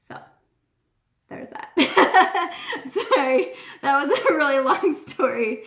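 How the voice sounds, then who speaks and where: A woman's voice: high voice, big pitch swings, takes it slowly, fairly bright tone. A woman hosting a casual live-stream chat, talking in a gushing, earnest way and often repeating herself. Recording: roomy echo.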